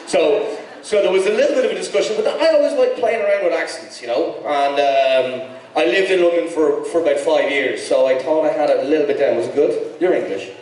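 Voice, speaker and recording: A man's voice: on the high side, fairly quick, darkish tone, a little hiss or hum. Irish man in an echoey hall. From Ireland. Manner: chatty, rambling, with many restarts and fillers. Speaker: actor on a convention panel. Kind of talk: casual panel Q&A. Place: large convention hall with audience. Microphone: handheld mic recorded from the audience by a camera. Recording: echoey hall, camera far from stage.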